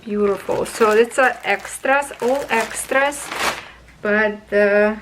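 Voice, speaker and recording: Slow-talking enthusiastic woman crafter. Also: mid-range voice, slight background noise, low-quality recording. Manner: slow, enthusiastic, talks to viewers as friends. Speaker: craft channel host. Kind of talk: casual unboxing review.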